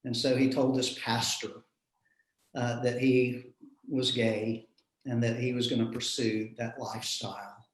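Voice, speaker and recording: A man, a minister telling a personal story in an earnest, reflective way with soft chuckles. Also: medium pitch, level tone, a little slow. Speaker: minister in a panel discussion. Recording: roomy echo.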